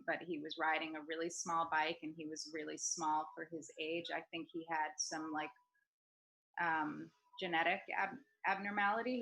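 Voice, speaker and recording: A woman's voice: low-pitched, fairly bright tone, low-quality recording. A woman hosting an online group talk, telling a story with many ums and restarts. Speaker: host of a group discussion. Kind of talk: casual storytelling. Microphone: video call.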